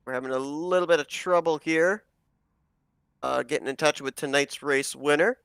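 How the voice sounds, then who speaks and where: A man's voice: on the high side, moderate pace, gravelly, fairly bright tone, smooth, no echo. A man, a race broadcast commentator, interviewing drivers in upbeat broadcaster patter.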